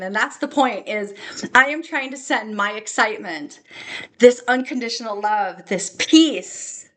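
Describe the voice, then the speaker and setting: A young adult woman talking in an excitable, rambling way in a personal vlog, laughing and tearing up at times. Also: high voice. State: tearful at times. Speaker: spiritual vlogger.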